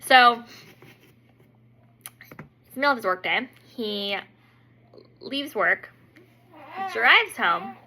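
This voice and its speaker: A woman's voice: fairly high pitch, animated, drawn-out words, pauses often, pushed and bright. A woman beauty vlogger telling a story in a casual, chatty way, full of "like" fillers and acting out her own reactions.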